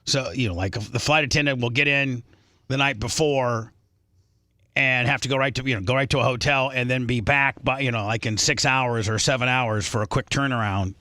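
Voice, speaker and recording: Male radio host, bright and punchy, rambling casual storyteller, dry close mic. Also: medium pitch, brisk, dry recording.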